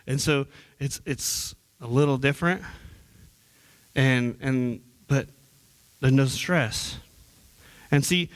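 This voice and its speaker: A young man delivers a sermon in church as a youth minister, earnest and conversational, often repeating words and restarting sentences. His voice is smooth, fairly high and fairly bright.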